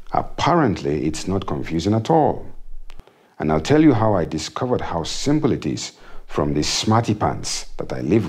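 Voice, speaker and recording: A man's voice: low voice, a little mellow, slightly rough. A man doing a comic monologue in a wry, self-mocking way, often chuckling. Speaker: comedian.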